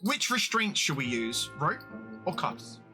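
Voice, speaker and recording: A man's voice: a little high, very animated, over music. Chatty man hosting a gameplay video. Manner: chatty, jokey, quick asides. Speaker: gaming video host. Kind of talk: casual gameplay commentary.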